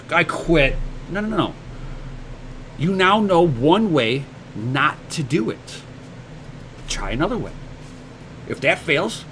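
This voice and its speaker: Speaking on the high side with a somewhat bright sound, this livestream host answers his viewers' comments over slight background noise. His motivational advice is blunt, his swearing is casual, and he stumbles on repeated words when starting a sentence.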